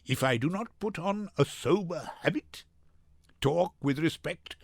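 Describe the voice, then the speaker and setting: A man's voice: fairly high pitch, expressive, a little slow, gravelly, no room sound, studio quality, heavily acted. A man doing a rowdy young gallant gone mock-solemn. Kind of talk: dramatic reading.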